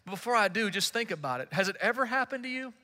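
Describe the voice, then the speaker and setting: A man's voice: sits high, expressive, quick pace, pushed and bright. A male pastor delivering a sermon, telling the story with playful acted-out dialogue. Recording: large hall with long reverb.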